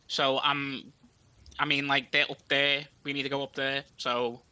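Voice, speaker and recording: A man playing a tabletop game, chatting in a joking, loose, halting way. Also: mid-range voice, flat delivery, bright, forceful tone, clean tone, no echo. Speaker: player. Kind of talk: casual chat at a tabletop game.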